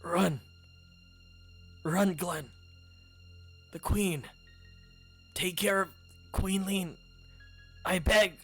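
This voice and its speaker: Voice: mid-range voice, very slow, long pauses, fairly bright tone, slightly rough, faint music behind, full character voice. A streamer voicing a solemn, steadfast knight captain. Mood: dying plea. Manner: solemn, formal old-fashioned speech. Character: valiant older male knight captain, steadfast. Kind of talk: reading game dialogue aloud in voices.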